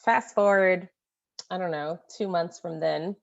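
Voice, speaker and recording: A woman co-host chatting about movies, her slightly low voice full of gravelly fry. She tells her stories with animated laughter. The recording sounds dull and lo-fi. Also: unhurried. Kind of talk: casual movie discussion.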